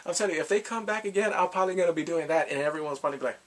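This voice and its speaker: A man's voice: on the high side, very fast. A grown man chatting casually as a YouTube reviewer, rambling and fanboyish about a show he loved. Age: adult.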